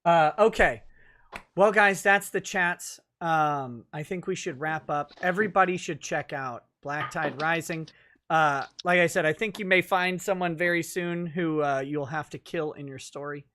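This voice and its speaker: A man's voice: on the high side, a little slow, pushed and bright. A man hosting a casual livestream chat, reading out viewer comments and laughing often. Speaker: livestream host.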